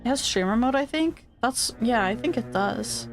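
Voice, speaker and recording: A woman's voice: a little high, lively intonation, normal speed, few pauses. A woman streaming a game, chatting loosely with lots of fillers and reading the game's text aloud. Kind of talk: casual gaming stream chat. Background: game music.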